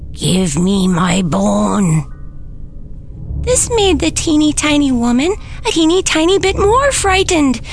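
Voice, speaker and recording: Slow expressive woman storyteller. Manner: slow, expressive, dropping low for suspense. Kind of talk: children's story reading.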